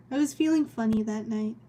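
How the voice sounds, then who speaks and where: Giggly high-voiced young woman streamer. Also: mellow. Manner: chatty, giggly, rambling. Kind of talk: casual chat while drawing on stream.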